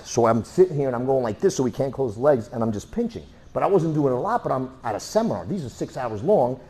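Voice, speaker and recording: Guy running a self defense class, talks animated, says bang and boom a lot, mic clipped on. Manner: animated storyteller, punchy sound effects. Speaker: martial arts instructor. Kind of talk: teaching a class. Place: training room. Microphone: worn mic.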